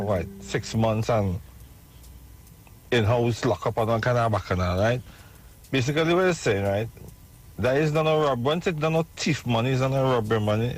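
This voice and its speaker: A Trinidadian caller speaks in an ordinary mid-range voice while forcefully rallying listeners. He checks in often with "right?" and "you understand?". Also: medium pitch. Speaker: radio caller. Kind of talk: call-in radio rant.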